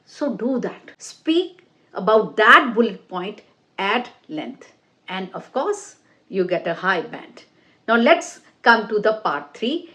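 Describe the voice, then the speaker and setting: Woman, English test-prep teacher, unhurried pace, emphatic sing-song stress, online lesson. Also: mid-range voice, very animated, bright, forceful tone. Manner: slow, repetitive phrasing with direct appeals to viewers.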